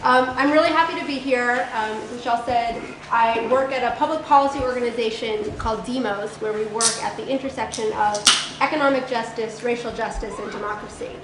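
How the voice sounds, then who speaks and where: A woman giving a college guest lecture, hoarse from losing her voice, chatty with frequent ums. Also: a little high, brisk. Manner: participatory, conversational, frequent ums. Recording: echoey room with background noise.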